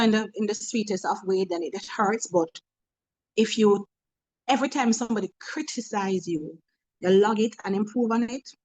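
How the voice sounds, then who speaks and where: A woman's voice: medium pitch, darkish tone, rough recording. A woman with a Jamaican accent, a motivational speaker in a webinar talk, humorous and preachy, telling stories from work.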